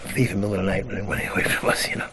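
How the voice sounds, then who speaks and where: A man, a rabbi, telling an animated parable in casual talk, sprinkled with Hebrew and words. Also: deep voice, rapid-fire. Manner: animated storyteller, acts out voices. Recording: noisy recording.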